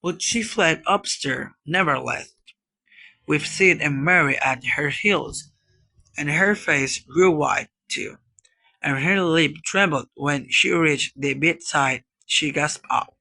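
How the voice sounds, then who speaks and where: A man narrating a classic children's storybook in a slow, measured reading. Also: a little high, gravelly, sharp tone. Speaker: audiobook reader.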